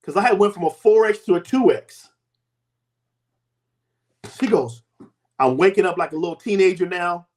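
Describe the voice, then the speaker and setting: A man in his fifties, a host and health coach, telling a personal story with emphatic, sweeping swings in pitch and loudness. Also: normal speed, pauses often.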